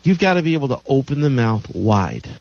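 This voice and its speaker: A man's voice: mid-range voice, big pitch swings, brisk, vocal fry, darkish tone, dry recording. A man hosting a health show, lecturing emphatically and repeating his key claims. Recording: dull lo-fi dry recording.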